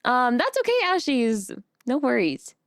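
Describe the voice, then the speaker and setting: A woman's voice: a little high, sing-song, measured pace, no room sound, studio quality. A woman streaming live, chatting casually and bubbly, greeting her chat by name with a giggly manner. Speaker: vtuber streamer.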